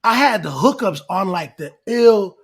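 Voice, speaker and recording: A man telling a long story in casual chat, excitable and rambling, acting out what people said. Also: high-pitched, measured pace, creaky, slightly rough. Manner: excitable, rambling, acts out quotes. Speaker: guest rapper and actor.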